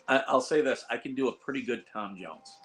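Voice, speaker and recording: A man with a Midwestern accent and a hoarse, worn voice, chatting casually on a home livestream in a rambling way. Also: mid-range voice, a bit bright, rough recording. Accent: Midwestern American. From Ohio. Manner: rambling, chuckling, restarts phrases. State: hoarse, losing voice. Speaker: livestream host.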